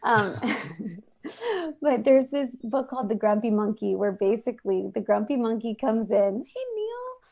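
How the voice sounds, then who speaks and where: A woman speaking on an online panel, retelling a children's book in a chatty, animated way over a video call. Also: on the high side, a little slow, gravelly. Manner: chatty, animated, uses "he's like" a lot. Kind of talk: casual storytelling.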